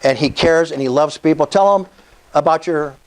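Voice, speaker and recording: Speaking at normal speed in a voice on the high side, a man in his sixties fires up a real estate investor meetup with a fervent, preacher-like motivational speech. He keeps calling out to the audience for responses.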